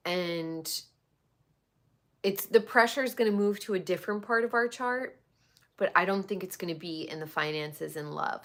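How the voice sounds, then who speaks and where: Blunt, swearing woman gossip host. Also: lowish voice. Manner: blunt, swears freely, animated outbursts. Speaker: podcast host. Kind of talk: casual celebrity gossip chat.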